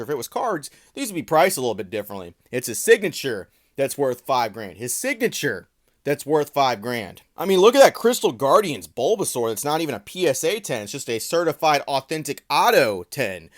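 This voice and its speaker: A man giving sarcastic, profane commentary on trading card listings in a casual vlog. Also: mid-range voice.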